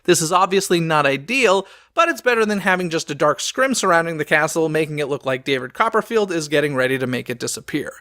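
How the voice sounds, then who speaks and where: A man's voice: a little high, animated, quick pace, hardly any pauses, pushed and bright, no echo, clean studio sound. A man hosting a podcast, reading a scripted news roundup in an upbeat way and dropping sarcastic quips.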